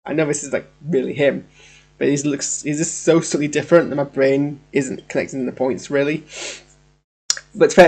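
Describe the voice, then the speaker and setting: Gravelly West Yorkshire man, rambling. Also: mid-range voice. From Yorkshire, England. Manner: rambling, hesitant, repeats filler phrases and stammers. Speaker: YouTube reviewer. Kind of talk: live trailer reaction commentary.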